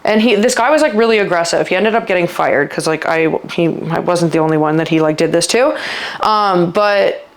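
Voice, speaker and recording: A woman vlogger telling a personal story in casual chat, rambling with lots of filler words and sometimes halting and trailing off. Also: lowish voice. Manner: halting, trailing off when upset.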